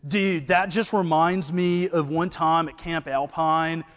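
A man's voice: on the high side, fairly even intonation, takes it slowly, long reverb tail, pitched above the performer's own voice. A man voicing a laid-back young Southern college guy with a Brewton, Alabama drawl crossed with a surfer-dude way of talking. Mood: earnest.

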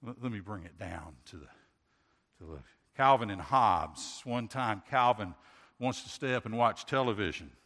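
A man's voice: lowish voice, normal speed, a bit bright. A pastor giving a sermon in an earnest way, asking rhetorical questions and often restarting his sentences. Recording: long hall reverb.

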